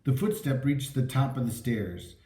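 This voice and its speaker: A man narrating a story aloud with a dramatic, lively reading. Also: medium pitch, moderate pace. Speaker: audiobook narrator. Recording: echoey room.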